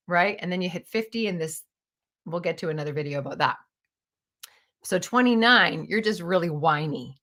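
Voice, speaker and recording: A woman around fifty telling personal stories in a chatty, animated way, full of "like" and "you know". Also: on the low side, brisk. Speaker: storytelling vlogger. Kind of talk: casual storytelling monologue.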